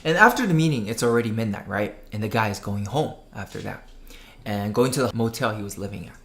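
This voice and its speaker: A woman's voice: extremely low pitch, quick pace. A young woman telling spooky stories in a casual chat, acting out the characters' lines. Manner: animated storytelling, acts out characters' lines. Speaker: guest storyteller.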